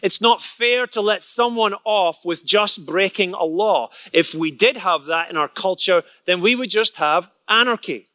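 A man with a high, bright, ringing voice preaches a sermon built around a personal story. He tends to repeat words as he builds toward a point and slips into quick character voices for what others said. The sound is close and dry, with no room around it. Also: no echo. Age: adult, past college age. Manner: storytelling, repeats words when excited, acts out quotes.

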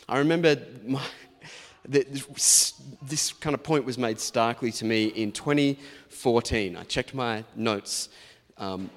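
Man, 40s, pastor, sermon, conversational storyteller, medium-pitched voice, long hall reverb. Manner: chatty, anecdotal storytelling.

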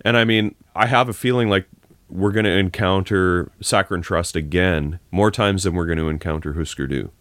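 A very low-pitched male podcast co-host who talks in a relaxed, filler-heavy way while arguing his point. His voice sounds close and dry, with almost no room echo. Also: moderate pace. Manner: relaxed, argumentative, uses fillers. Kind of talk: casual chat.

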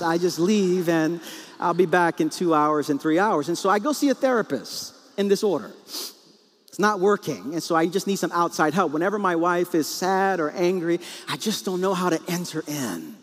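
A pastor in his forties preaches a sermon, telling a comic story about his marriage and acting out the voices in it. His voice is high-pitched and a little fast, with long reverb from a large hall.

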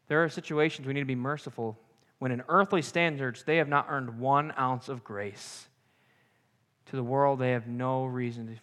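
A young man preaching a sermon with animated, joking asides. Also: mid-range voice. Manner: animated, jokey asides and acted-out quotes. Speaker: pastor. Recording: long hall reverb.

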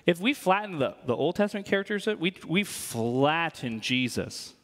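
A man's voice: on the high side, very animated, normal speed, fairly bright tone. A man preaching a sermon as a pastor. He talks in a casual, joking way and often checks in with "right?". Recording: long hall reverb.

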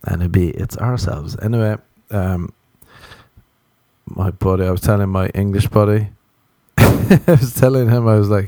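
A man's voice: on the low side, normal speed, dark tone, no echo. A young Irish man hosting a podcast, telling crude, jokey, rambling comic stories. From Ireland. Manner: crude, jokey, tangential storytelling. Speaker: podcast host. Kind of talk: rambling comedic monologue.

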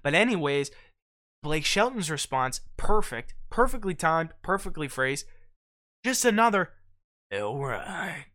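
A man's voice: fairly high pitch, measured pace. A man hosting a podcast, casually breaking down a song in slangy talk and checking in with "okay?" after each point. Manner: animated, keeps checking in with "okay?"; slangy, calls listener "dude" and "bro". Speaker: podcast host.

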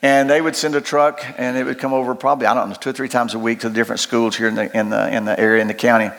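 An older man preaching a sermon in a loud, folksy, emphatic way, often restarting his phrases. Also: mid-range voice, flat delivery, rapid-fire, vocal fry. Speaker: pastor.

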